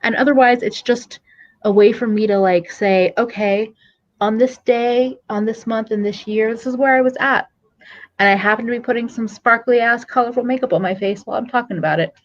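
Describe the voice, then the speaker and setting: A woman co-hosting a casual live chat about makeup videos talks in a relaxed, chatty way. Her audio sounds slightly muffled and lo-fi, like a call. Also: a little high, fairly quick. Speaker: beauty youtuber, co-host.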